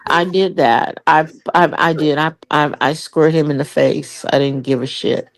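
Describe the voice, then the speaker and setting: A woman's voice: low voice, measured pace. Profane older woman telling stories. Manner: profane, animated storytelling with voiced quotes. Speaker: comedian guest. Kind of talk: candid storytelling interview.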